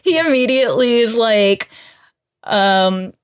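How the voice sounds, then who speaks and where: A woman's voice: on the high side, animated, takes it slowly, clean tone. A woman co-hosting a casual podcast chat, laughing often and filling with "like". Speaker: podcast co-host.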